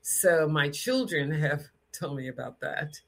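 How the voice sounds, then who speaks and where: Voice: medium pitch, measured pace, creaky. An adult speaking in an unscripted teaching talk about sound, with a strong, frank and direct tone. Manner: demonstrates sounds with lively put-on voices and bits of song.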